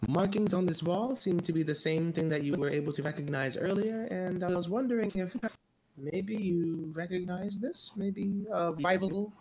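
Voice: mid-range voice, moderate pace, a little mellow. A tabletop game player speaking casually and playfully, with many fillers.

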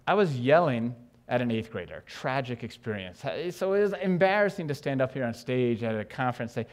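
A man from New York giving an animated conference talk on stage, joking with the audience and asking it questions. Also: mid-range voice. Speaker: education speaker.

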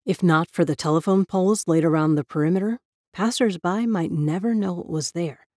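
A woman reads a spooky tale aloud in a measured storytelling manner. Her voice sits low and mellow. The recording is dry, with no room sound. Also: dry recording. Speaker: narrator. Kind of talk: scripted narration of a ghost story.

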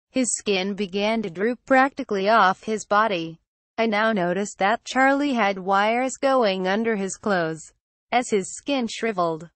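A woman reading a first-person horror story aloud in a steady storytelling manner. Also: mid-range voice, no echo. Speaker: narrator. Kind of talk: scripted horror story narration.

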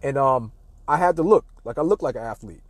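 Husky-voiced man telling a lively story. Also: mid-range voice, a little fast, dry recording. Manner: animated, acts out other people's lines. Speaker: host. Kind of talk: casual personal storytelling.

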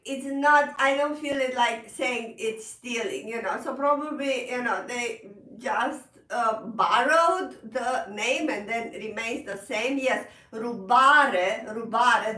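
High, laughing piano teacher. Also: female voice, far from the mic. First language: Italian. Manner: laughs often, animated, repeats words, non-native phrasing. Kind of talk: casual online music lesson. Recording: roomy echo, off-mic.

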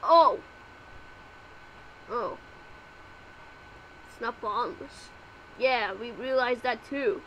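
A woman's voice: fairly high pitch, very slow, long pauses, fairly bright tone, a little hiss or hum, low-quality recording. A woman voicing all the characters of a homemade fan cartoon, with frantic yelps and exclamations.

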